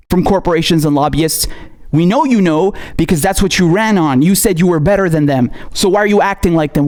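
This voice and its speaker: A man's voice: sits high, a little mellow. A male political commentator ranting angrily, swearing often and firing off rhetorical questions. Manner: angry, profane, hammering rhetorical questions.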